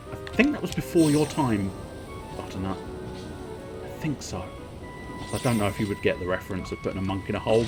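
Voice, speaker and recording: A man streaming a video game, rambling in casual commentary with wry, chuckling asides. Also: fairly low pitch.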